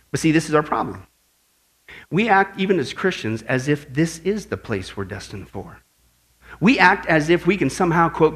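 A male pastor preaching an animated sermon, exclaiming and asking his listeners questions. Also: fairly high pitch, moderate pace.

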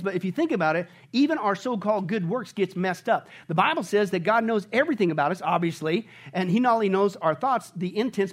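Pastor guy preaching, fairly high voice, punchy, keeps firing questions at the crowd. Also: breathy edge. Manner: emphatic, asks the congregation rhetorical questions. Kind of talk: sermon.

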